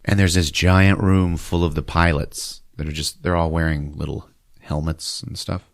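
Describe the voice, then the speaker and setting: A man with a very low voice hosts a comedy podcast, retelling a film's plot with loose, animated energy. He keeps breaking into squeaky put-on voices for the characters. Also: normal speed. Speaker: podcast host recapping a movie. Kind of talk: comic movie recap.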